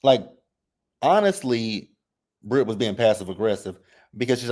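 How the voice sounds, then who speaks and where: A man hosting a casual reality TV recap, reading chat comments and reacting in a sassy, animated way. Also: moderate pace. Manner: sassy, animated, mimics cast members with exaggerated high voices; repeats phrases for emphasis.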